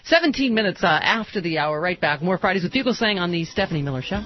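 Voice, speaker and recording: A woman hosting talk radio, her pitch jumping around as she jokes and tosses off asides. The broadcast sound is dull and lo-fi. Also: expressive, soft background music. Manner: joking, quick with laughs and asides. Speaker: radio talk show host. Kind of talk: political talk radio banter.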